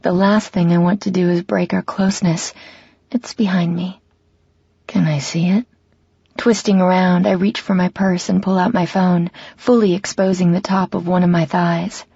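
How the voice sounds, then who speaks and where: A woman's voice: on the low side, little pitch movement, normal speed, vocal fry, mellow, slightly rough, dry recording. A woman reading a romance audiobook in an intimate first-person style, slightly muffled and dry. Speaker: audiobook narrator. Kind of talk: scripted narration of a romance novel.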